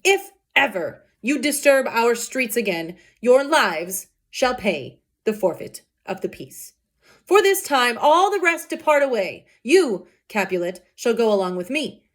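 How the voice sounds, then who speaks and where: A woman reading the lines of an angry male prince in a loud, slow, proclaiming way. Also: on the high side, sing-song. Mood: stern. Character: stern commanding male prince, furious ruler.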